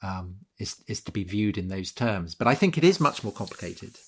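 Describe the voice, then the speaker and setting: A man with a fairly low voice co-hosting a history podcast in casual conversation. He talks in halting stretches, circling back with ums and restarts as he gathers his thoughts. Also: lively intonation, fairly bright tone, husky. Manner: hesitant, many fillers and restarts. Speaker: podcast co-host.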